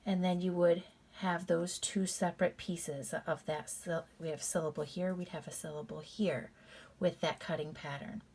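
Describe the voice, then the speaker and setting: Slow, low-voiced woman teaching a reading lesson. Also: darkish tone. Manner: slow, deliberate, repeats patterns step by step; addresses students casually as "you guys".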